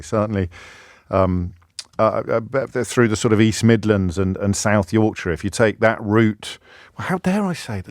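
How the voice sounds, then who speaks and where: A man's voice: on the low side, no room sound. Talk radio host, English man, middle-aged, rambling and self-mocking, dry close sound. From England. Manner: rambling, self-deprecating, with many restarts. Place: radio studio. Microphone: studio microphone.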